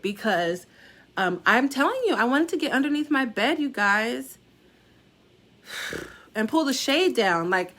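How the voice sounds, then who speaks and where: Animated middle-aged woman telling a story. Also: a little slow, pauses often. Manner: animated, acts out quoted voices with big pitch jumps. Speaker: salon suite owner sharing a warning. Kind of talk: casual storytelling to followers.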